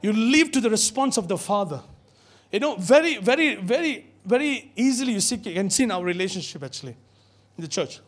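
A man preaching a sermon in a church, animated and calling out to his congregation. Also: sits high, fairly quick. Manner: animated, call-and-response with congregation.

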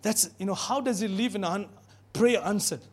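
High-voiced animated male preacher. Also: a little fast. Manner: animated, call-and-response with congregation. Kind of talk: sermon. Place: church.

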